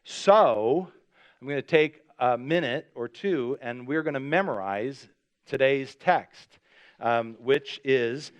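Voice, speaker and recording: A male pastor preaching a sermon in a chatty, lively storytelling way, his voice jumping up when he acts out a scene. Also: medium pitch, smooth. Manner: chatty, with many fillers. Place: church service.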